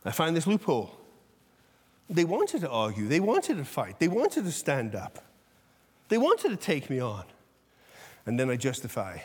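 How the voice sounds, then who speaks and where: A male pastor giving an intense, animated sermon, shifting between loud outbursts and soft whispered asides. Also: high-pitched, normal speed, slightly rough. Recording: long echo of a large hall.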